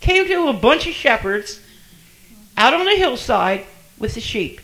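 An older man preaching a sermon in a church, emphatic, with soft dropped asides and repeated phrases. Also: extremely high pitch, big pitch swings, unhurried, low-quality recording.

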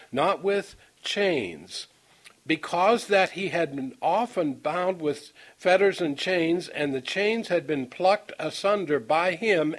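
A man preaching a Bible-teaching sermon. He reads scripture slowly and deliberately, then breaks into folksy stories, often halting and repeating words as he goes. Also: high voice. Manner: folksy, storytelling asides; halting, repeats words while finding them.

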